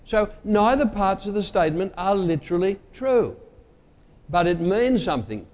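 A man's voice: high voice, expressive, moderate pace, a little mellow, big-room sound. A male preacher giving a conversational sermon and quizzing his congregation with everyday sayings.

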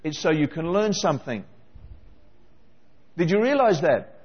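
A man preaching a sermon, animated and constantly questioning his listeners. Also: fairly high pitch, unhurried, husky, in a large hall, highs cut off. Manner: animated, questioning the congregation directly.

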